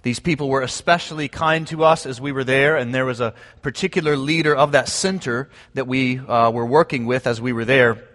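A man pastor leading a prayer and then preaching, relaxed and conversational with frequent fillers. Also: medium pitch, brisk, hardly any pauses, big-room sound. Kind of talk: sermon.

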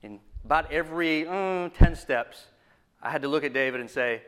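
Male preacher, fairly high pitch, emphatic and repetitive with sudden hushed drops. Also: expressive, normal speed. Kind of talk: sermon.

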